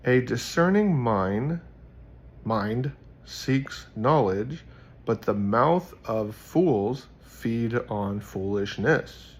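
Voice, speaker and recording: A man voicing a wise old fantasy wizard, reciting in a slow, solemn, drawn-out way. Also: medium pitch, expressive, husky, exaggerated voice. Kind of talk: reading scripture aloud in character.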